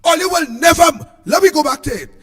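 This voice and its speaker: A man with a Trinidadian accent giving an impassioned political speech, shouting in a repetitive, sing-song way. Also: extremely high pitch, expressive, fast talker, in a large hall. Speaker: political speaker.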